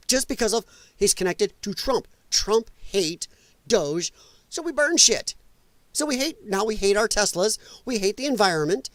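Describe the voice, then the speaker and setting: A man's voice: sits high, sing-song, a little slow, a bit bright, no echo. A man hosting a live political commentary show, ranting in an exasperated, mocking and profane way. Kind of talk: live solo political rant.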